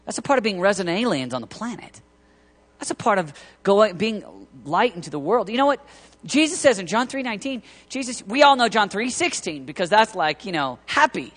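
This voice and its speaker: A man preaching a sermon to a ministry team, impassioned and rising to near-shouting peaks, acting out quoted voices. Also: sits high, big pitch swings. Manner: acts out quoted voices and awkward pauses. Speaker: pastor leading a ministry tour team.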